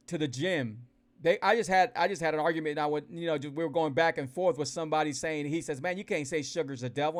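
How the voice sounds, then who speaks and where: A man with a slightly high voice chats on a livestream. He speaks in a lively, folksy way and often repeats himself. He keeps turning to the viewers to address them directly. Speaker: keto weight-loss vlogger. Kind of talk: casual livestream chat to followers. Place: indoors, livestreaming.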